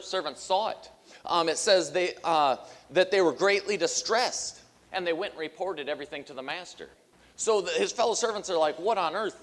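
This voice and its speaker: A man's voice: fairly high pitch, big-room sound. A man preaching a sermon as pastor, talking conversationally with many fillers and acting out the quotes he tells. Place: church sanctuary.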